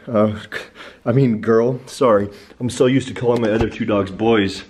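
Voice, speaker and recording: A man chatting casually and upbeat to his viewers in a home vlog, switching to a high sing-song praise voice for his puppy. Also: fairly even intonation, normal speed, darkish tone. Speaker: vlogger.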